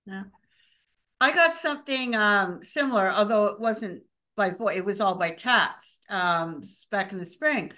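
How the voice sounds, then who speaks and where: A woman's voice: mid-range voice, unhurried, sharp tone. A middle-aged woman on a talk panel, telling a rambling personal story in casual chat over a video call. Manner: chatty, rambling personal anecdote.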